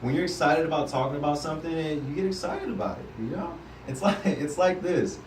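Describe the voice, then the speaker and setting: Energetic man coaching a group, far-off mic. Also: on the high side, brisk, slight background noise. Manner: energetic, coaching, often asks the group "right?". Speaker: sales team trainer. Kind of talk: live training talk to a group. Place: indoor room with a group. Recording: roomy sound from a distance, faint background.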